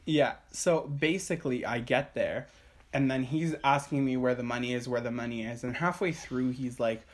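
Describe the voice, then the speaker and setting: A young man, co-hosting a casual chat podcast from his room at home, telling an animated story full of swearing and acted-out quotes. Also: mid-range voice, moderate pace. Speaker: podcast co-host.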